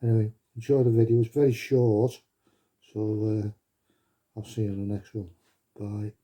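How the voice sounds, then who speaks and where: Welsh plasterer guy rambling to his phone, mellow warm voice, lots of uhs. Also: lowish voice, steady tone, moderate pace. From Wales. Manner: chatty, rambling with many fillers. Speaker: plasterer vlogger. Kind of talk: casual vlog chat.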